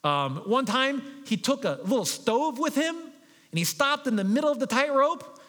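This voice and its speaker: A man preaching a sermon as pastor, telling a story with animated energy and voicing the crowd. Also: very high voice, moderate pace. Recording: long reverb of a large hall.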